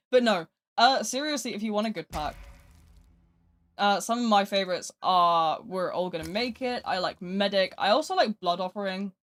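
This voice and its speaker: A British live streamer chatting casually and rambling while gaming, swinging between loud asides and quiet mutters. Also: medium pitch, lively intonation, normal speed.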